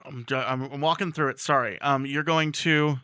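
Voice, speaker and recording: Bright-voiced man running a tabletop game. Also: on the high side, steady tone, clean tone, dry recording, clean studio sound. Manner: casual, halting, with many fillers. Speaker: game master.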